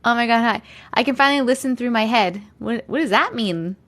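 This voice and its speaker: A woman's voice: fairly high pitch, a little fast, a bit bright. A young woman hosting a livestream, chatting casually and greeting viewers by name with frequent giggles. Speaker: host reading viewer comments on a livestream.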